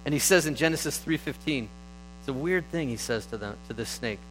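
A man preaching in an easygoing, conversational voice of ordinary pitch. He tells the stories casually, picking up energy now and then. A faint electrical hum sits behind him. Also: brisk, low-quality recording. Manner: conversational, animated storytelling. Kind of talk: sermon.

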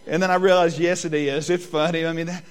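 A middle-aged man, preaching a sermon and telling family stories in lively quoted voices. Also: a little high, fast, clean tone. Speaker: pastor.

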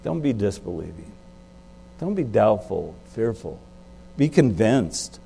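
A male pastor preaching a sermon in a conversational way. He asks his listeners questions and makes sudden jumps in pitch and loudness for emphasis. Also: very animated, slow, gravelly, slight background noise.

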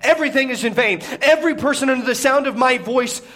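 A man's voice: very high-pitched, fast talker, fairly bright tone. A man preaching a sermon in a casual, conversational way, often asking "okay?" and laughing at his own stories, keeping his voice down so as not to wake babies. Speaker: pastor. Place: indoor room with a congregation.

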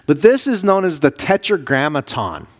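A man, a pastor, teaching a Bible class, explaining Hebrew words slowly with many fillers and restarts. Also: fairly high pitch, wildly swooping pitch. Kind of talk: classroom lesson reading Hebrew.

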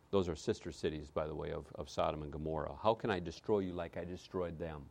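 A man preaching a sermon, reading scripture with dramatic swings between loud declaration and hushed quiet. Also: very deep voice, steady tone, fast, vocal fry, few pauses. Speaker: pastor.

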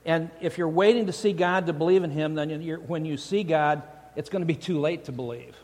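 A man's voice: fairly high pitch, fairly quick, a little mellow. Male pastor preaching in an echoing church. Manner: conversational, joking, frequent restarts. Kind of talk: sermon. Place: church sanctuary. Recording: long church hall reverb.

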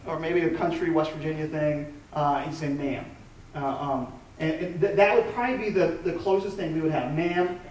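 A man's voice: on the high side, fairly even intonation, fairly quick, few pauses, a little mellow, a little hiss or hum. Echoey preacher man in his thirties. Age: 30s. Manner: conversational, with frequent restarts and fillers. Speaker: pastor. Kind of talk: sermon. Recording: echoey room from a distant mic.

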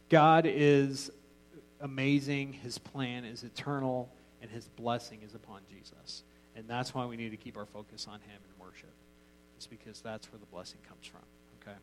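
A man's voice: medium pitch, darkish tone, rough recording. A man teaching an informal Bible class in a casual, joking way, often restarting his sentences.

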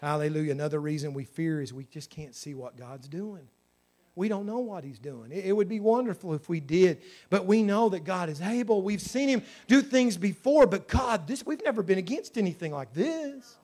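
A man with a high-pitched voice preaches a sermon in a church. He swings from loud, ringing exclamations down to hushed, confiding asides. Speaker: pastor.

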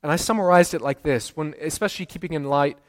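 Earnest pastor preaching in a reverberant church. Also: male voice, a little high, fast talker. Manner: earnest, repeats key phrases, quizzes the congregation. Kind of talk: sermon. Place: church sanctuary.

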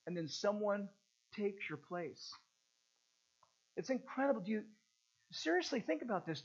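Earnest preacher doing a catechism sermon, keeps asking the same questions, muffled lo-fi sound. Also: medium pitch. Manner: earnest, repeats rhetorical questions for emphasis. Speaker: preacher teaching a catechism lesson.

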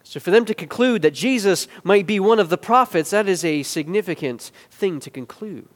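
A man preaching a sermon, building from quiet explanation to loud, emphatic peaks and back to hushed asides. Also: high voice, lively intonation, moderate pace, long reverb tail. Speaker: pastor.

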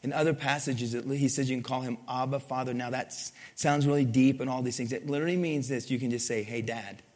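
A man's voice: medium pitch, fairly even intonation, quick pace, darkish tone. A man preaching a sermon in a conversational way, often asking his listeners for an amen. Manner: conversational, asks the crowd for amens. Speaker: pastor. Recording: long hall reverb.

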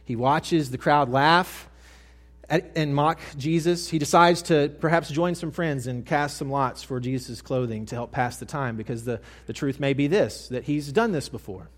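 A male pastor delivering a sermon, telling a story dramatically and swinging between hushed and loud. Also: a little high, moderate pace.

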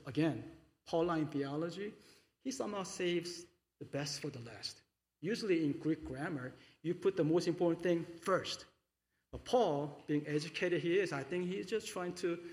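A male pastor preaching a sermon, moving between quiet reflection and loud, fervent declarations. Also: fairly high pitch. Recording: long reverb of a large hall.

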